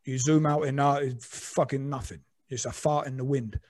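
A man in a casual podcast conversation who muses out loud, hedges with fillers and swears casually. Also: medium pitch, steady tone, moderate pace, dry recording.

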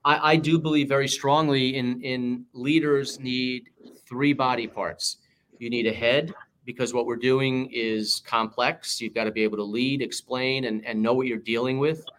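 A man's voice: mid-range voice, steady tone, moderate pace, a bit bright, a little hiss or hum. A man with a New York accent, a political candidate answering interview questions in punchy, emphatic campaign rhetoric.

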